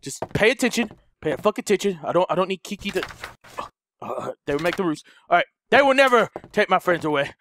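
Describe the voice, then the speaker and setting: A man commentating a horror game, jumpy and loud. He swears and laughs through his fear, his voice swinging wide in pitch. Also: lively intonation, fast, a little hiss or hum. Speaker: gamer commentator. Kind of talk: let's play commentary.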